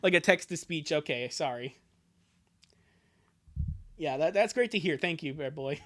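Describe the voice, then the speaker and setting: A woman's voice: low-pitched, animated, a little slow, long pauses, fairly bright tone. A young woman streamer chatting casually and giggling between lines of a live fan dub reading. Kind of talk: casual livestream chat.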